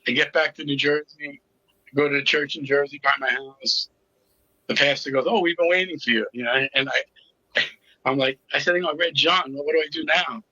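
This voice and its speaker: Middle-aged man, interview guest, very bright tense tone, raspy, candid and sarcastic, lo-fi recording. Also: a little high, steady tone, normal speed, no room sound. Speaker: interview guest, recovery coach. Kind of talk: personal storytelling in conversation.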